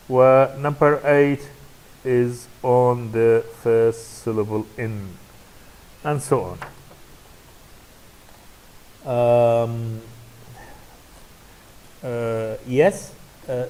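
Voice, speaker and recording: A man's voice: medium pitch, darkish tone, rough recording. A male university English lecturer with an Iraqi Arabic accent, a native Arabic speaker, giving a recorded classroom lecture that is hesitant and full of fillers. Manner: hesitant, many fillers and restarts.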